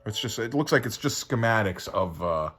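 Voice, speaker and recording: A man's voice: fairly low pitch, lively intonation, moderate pace, fairly bright tone, soft background music. A man casually reviewing a comic book, rambling and laid-back with lots of fillers.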